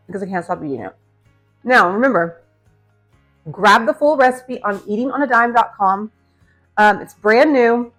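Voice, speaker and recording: Faint music plays as a middle-aged woman demonstrates a recipe casually in her home kitchen for her channel's viewers. Medium-pitched and a bit bright, her voice moves at a moderate pace, and she stays chatty and upbeat, calling her audience guys and friends.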